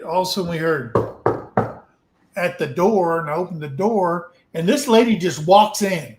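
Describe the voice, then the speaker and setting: A man's voice: high-pitched, echoey room, poor audio. A man casually telling a frank, rambling story to a livestream audience, swearing now and then. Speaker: open mic storyteller.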